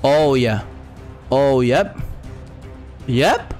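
A young man commenting on his own gameplay as a gaming YouTuber, swearing constantly and trash-talking his opponent with sudden yelling. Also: on the high side, measured pace, soft background music. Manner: profane trash talk, excitable, bursts into yelling.

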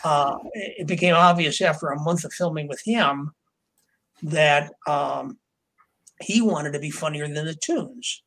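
An older man with a somewhat high, husky voice spins long behind-the-scenes stories as a podcast guest. He rambles through fillers and restarts, and he slips into quick voices for the people he quotes. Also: pushed and bright, rough recording. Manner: rambling, with many fillers and acted quotes of others. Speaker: author and interview guest. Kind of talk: anecdotal storytelling in a podcast interview.

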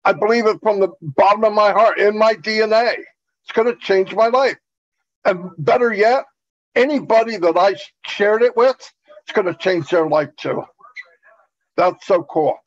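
A man's voice: sits high, normal speed. A man giving an earnest, repetitive pep talk as a webinar presenter over an online video call. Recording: dull lo-fi call audio.

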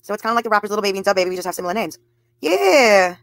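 A woman in her thirties talking to her live chat, blunt and profane, answering comments as they come in. Her voice sits at an ordinary middle pitch for a woman. The sound is close and dry, with no room echo. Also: lively intonation, rapid-fire. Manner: blunt and profane, addressing viewers' comments directly. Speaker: livestreamer. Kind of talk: live stream talk to chat.

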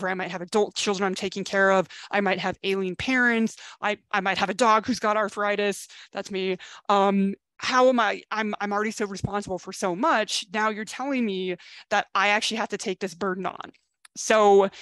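A woman's voice: medium pitch, a bit bright, no room sound. A middle-aged woman, a dating coach, giving a blunt tough-love pep talk to camera in a casual, chatty way.

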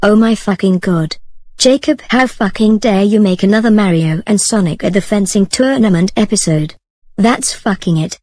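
A woman's voice: mid-range voice, moderate pace, a little mellow, no room sound, close to an everyday voice. A woman voicing a furious mother scolding her son in a cartoon. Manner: angry, scolding.

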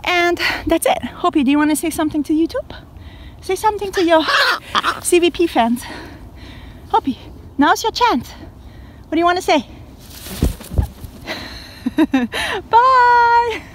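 A woman's voice: extremely high pitch, expressive, unhurried, long pauses, a little hiss or hum. A woman vlogger talking to her pet bird in playful baby talk and to her viewers in a casual way.

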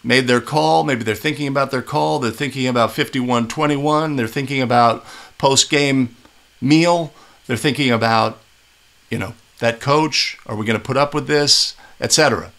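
A man's voice: medium pitch, moderate pace, gravelly, fairly bright tone. A middle-aged man breaking down game clips for referees, talking casually and often checking in with "right?". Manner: conversational, asks "right?" often. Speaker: basketball officiating instructor. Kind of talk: video breakdown commentary.

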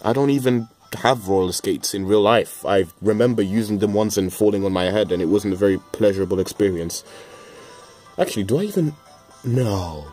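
A man's voice: lowish voice, brisk, a little mellow, soft background music. A man giving casual, joking commentary over a video game, rambling with mild swearing and stammered restarts. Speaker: let's play gamer.

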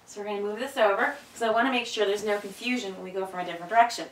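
A woman's voice: very fast, distant mic, slight background noise. A woman dog trainer explaining a training exercise between upbeat commands and praise to her dog. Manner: explains calmly, then gives sharp upbeat commands and high praise to the dog. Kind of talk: hands-on training demonstration. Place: indoor room with a dog. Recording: echoey room, voice from off-mic.

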